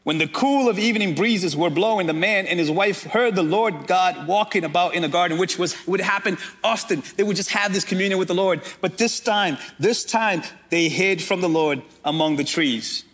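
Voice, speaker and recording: A man's voice: sits high, fairly quick, few pauses, a bit bright. A man preaching a sermon as pastor, calling out directly to his congregation.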